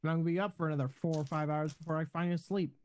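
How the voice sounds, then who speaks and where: Fast-talking, joking tabletop player. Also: medium pitch, fairly even intonation, a little mellow, slight background noise. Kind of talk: casual chat.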